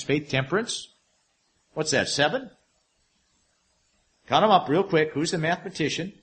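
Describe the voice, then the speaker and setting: Animated preaching man, lively pitch. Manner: expressive preaching, slowing for emphasis, dropping low on asides. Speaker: pastor. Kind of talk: sermon.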